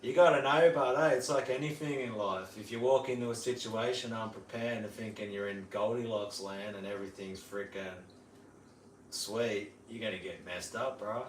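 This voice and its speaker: A man's voice: on the low side, fairly even intonation, normal speed, slight background noise. A man with an Australian accent chatting casually on a livestream, laid-back and slangy, mimicking bird calls. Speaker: livestream host. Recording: roomy sound, mic at a distance, faint ambience.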